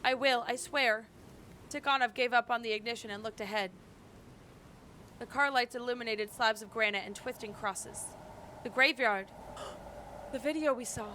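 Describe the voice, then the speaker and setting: A woman streamer reading a game's story aloud dramatically and translating its dialogue, with excited asides. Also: on the high side, moderate pace, a little hiss or hum. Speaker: gaming streamer. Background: loud game music.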